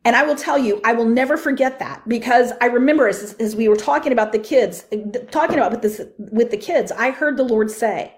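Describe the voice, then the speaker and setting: A middle-aged woman telling a testimony in sermon style, her voice sitting a little higher than most. She tells it with animation, leaping up in pitch whenever she acts out the people in her story. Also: a little fast, hardly any pauses. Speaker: minister sharing a testimony.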